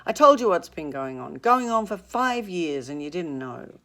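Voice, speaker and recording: A woman's voice: lowish voice, animated, moderate pace, darkish tone, voice pushed up. Woman reading as an urgent, pleading young man. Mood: insistent.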